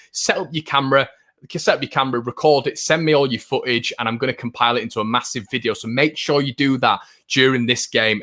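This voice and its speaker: A young man hosting a fan channel from his room, chatting casually and upbeat about football and reading out viewer comments, with many fillers and excited bursts. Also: mid-range voice. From England.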